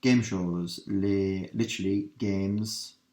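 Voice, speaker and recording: A man teaching a revision lesson, working through translations step by step and asking his students quick questions. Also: low voice, fairly even intonation, dark tone. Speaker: language teacher. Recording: roomy echo.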